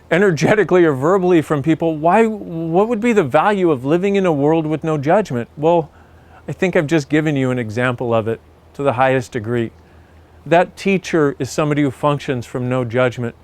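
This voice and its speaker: A man reading aloud and then speaking reflectively to his viewers in a gentle, earnest, emotional way. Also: on the high side. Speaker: self-help video host.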